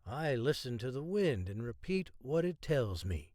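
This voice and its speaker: A man voicing a cryptic, wise old man who speaks in slow, drawn-out folksy sayings. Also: medium pitch, sing-song, a little mellow, dry recording, clean studio sound.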